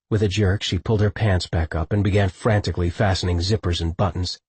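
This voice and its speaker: A man reading scripted audiobook narration with a husky voice, close to a studio mic. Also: low-pitched, fairly even intonation, a little fast, few pauses, darkish tone, no echo.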